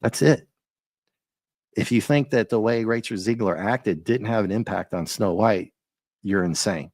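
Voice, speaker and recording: A man hosting a live stream, chatting and ranting casually with viewers, his voice a little rough and often breaking into laughs. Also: lowish voice, unhurried, darkish tone, no room sound. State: slightly rough voice. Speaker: livestream host.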